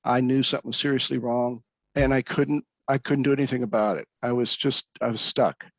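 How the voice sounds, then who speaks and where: A man's voice: medium pitch, steady tone, brisk, no echo, poor audio. A man, a pastor in recovery, speaking earnestly about his own story, with frequent restarts. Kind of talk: candid personal storytelling.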